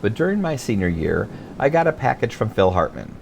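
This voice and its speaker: A low, gravelly male voice narrates his own memoir in audiobook style. His pitch swings widely as he leans into wry, self-mocking humor and theatrical emphasis. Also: big pitch swings, brisk, a little mellow, slight background noise.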